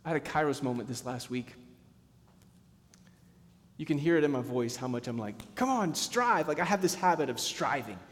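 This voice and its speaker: A middle-aged male pastor preaching a sermon, passionate, swinging between emphatic bursts and hushed, slowed lines. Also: medium pitch, in a large hall.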